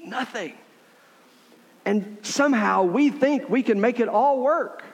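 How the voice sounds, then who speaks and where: A man with a fairly high voice preaches a sermon in an easygoing, conversational way, checking in with his listeners as he talks. His voice rings out with long reverb, as in a big hall. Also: moderate pace. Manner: conversational preaching, frequent "right?" asides. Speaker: pastor.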